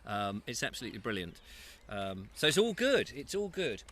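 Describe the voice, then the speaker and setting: A man's voice: lowish voice, very animated, moderate pace, fairly bright tone. A man hosting a casual live stream at an allotment, chatting and reading out viewer comments between mouthfuls. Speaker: host. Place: outdoors at an allotment. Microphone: lapel mic.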